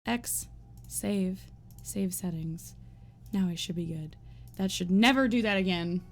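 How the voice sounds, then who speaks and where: A woman's voice: medium pitch, a little slow. Casting: woman game streamer, rambling and giggly, casual, faint game music underneath. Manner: chatty, rambling, peppered with "like"; giggly, animated storytelling. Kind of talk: casual live-stream chat.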